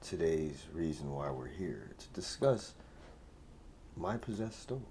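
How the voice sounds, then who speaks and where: A man's voice: extremely low pitch, slow. Guy ranting a crazy story on his own show, swears a lot, voice jumps all over, noisy room behind him. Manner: profane, animated, swings from mumbling to shouting. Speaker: host. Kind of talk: casual storytelling monologue.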